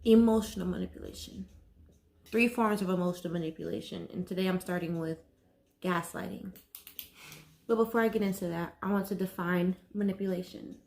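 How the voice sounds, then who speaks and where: A woman vlogger talking to camera about mental health, nervous and slow, halting often and saying "like" a lot. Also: fairly low pitch, gravelly, a little mellow. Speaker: wellness vlogger. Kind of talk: casual talk to camera.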